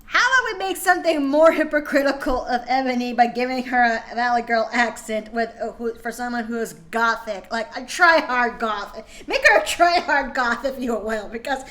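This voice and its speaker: A woman's voice: on the high side, moderate pace, hardly any pauses, a bit bright. A woman streamer chatting to her viewers in a dramatic, exasperated way, swearing often. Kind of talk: live stream chat while reading fan fiction.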